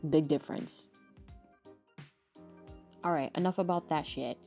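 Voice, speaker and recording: A woman's voice: sits low, unhurried, gravelly, mellow, faint music behind. Blunt, foul-mouthed woman ranting. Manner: blunt, profane, exasperated ranting. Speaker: commentary host. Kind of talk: ranting commentary monologue.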